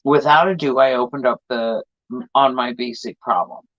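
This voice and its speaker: A man hosting a podcast, reading a book aloud in a deliberate way and slowing down on hard words. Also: mid-range voice, fairly even intonation, creaky, fairly bright tone, dry recording. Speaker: podcast host. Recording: dull lo-fi dry recording.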